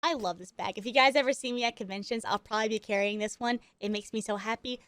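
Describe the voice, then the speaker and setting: A woman gaming creator telling a story in casual chat while she plays, animated and excitable, with chatty asides and frequent laughs. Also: on the high side, no room sound. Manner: chatty, self-interrupting asides.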